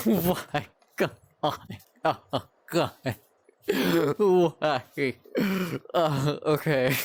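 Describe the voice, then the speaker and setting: Young man streamer, rambling and exasperated, foul-mouthed, mid pitch, dry close mic. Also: expressive, slow pace, no echo. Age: young adult. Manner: exasperated, rambling, swears a lot, talks to chat. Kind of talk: live-stream chat while gaming.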